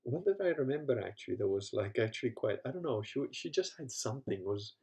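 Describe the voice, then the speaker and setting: A man's voice: mid-range voice, expressive, quick pace, a little mellow. A man telling casual, rambling stories full of profanity and laughter, acting out other people's lines as he goes. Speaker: podcast host. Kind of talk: casual storytelling chat.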